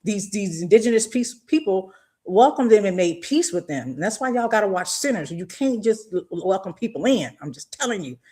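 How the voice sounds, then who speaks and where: A middle-aged woman hosts a live podcast. She talks straight at her listeners in a loose, slangy monologue, impassioned and direct, at a medium pitch. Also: very animated, brisk, warm tone, breathy edge. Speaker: podcast host. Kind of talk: casual live-stream monologue.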